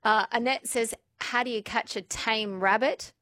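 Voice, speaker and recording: A woman's voice: fairly high pitch, steady tone, a little slow, a bit bright, no echo, studio quality. A woman hosting a radio show, chatty and self-deprecating as she reads listener messages. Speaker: radio host. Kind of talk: casual radio presenting.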